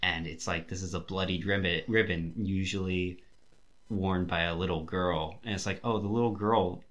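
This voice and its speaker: A man's voice: low voice, fairly even intonation, normal speed, fairly bright tone. A young man hosting a podcast who rambles with enthusiasm, full of fillers and restarts. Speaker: podcast host. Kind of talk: casual chat.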